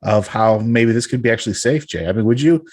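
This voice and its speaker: A man hosting a casual podcast, talking in a rambling way full of fillers and restarts. His voice sits at an ordinary middle pitch. He laughs often between thoughts. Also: brisk, darkish tone. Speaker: podcast host.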